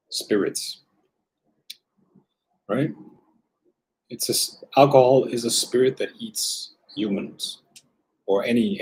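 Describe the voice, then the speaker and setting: Rambling, low-voiced male host. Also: a little mellow. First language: raised bilingual. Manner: rambling, loose, with many fillers and restarts. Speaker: host answering viewer questions. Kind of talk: casual livestream chat.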